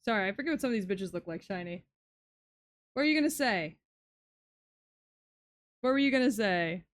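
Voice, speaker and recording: A woman's voice: medium pitch, animated, normal speed. A young woman streaming live, chatting casually with her audience, swearing often and shrieking when thrilled. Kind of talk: casual livestream chat.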